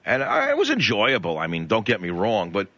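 A male talk radio host tells a grievance in a ranting, indignant rush, his pitch leaping up and down. His voice is bright and forceful. The sound is dry and a little dull, like an old radio broadcast. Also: huge pitch swings, dry recording. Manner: ranting, indignant, rapid storytelling.

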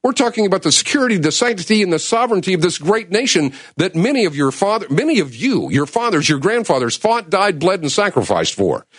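A man's voice: sits high, big pitch swings, fast, few pauses, husky, no echo, clean studio sound. Impassioned man hosting talk radio. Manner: impassioned, urgent, swings from loud to hushed. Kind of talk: emotional talk radio monologue. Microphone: studio mic.

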